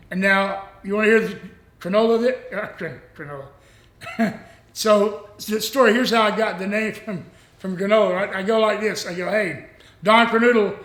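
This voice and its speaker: A man's voice: sits high, a bit bright. A man in his sixties, a former pro wrestler, telling rambling stories in a casual interview and acting out other people's lines. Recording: echoey room.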